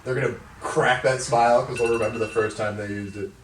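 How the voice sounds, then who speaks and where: A man's voice: medium pitch, fairly even intonation, quick pace, a little hiss or hum. A man hosting a podcast, joking and laughing often as he steers the casual chat. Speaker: podcast host. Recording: echoey room, distant mic.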